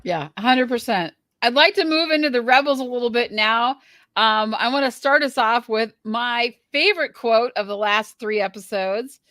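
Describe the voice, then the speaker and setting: A woman with a fairly high voice hosts a casual podcast chat. She steers the discussion in a lively way, and her voice sounds dry and close. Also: normal speed, dry recording. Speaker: podcast host. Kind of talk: casual chat recapping a reality show.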